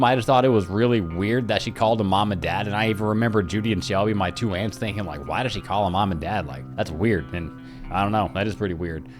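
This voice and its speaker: A young man casually telling a story from his own life, profane and animated. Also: on the low side.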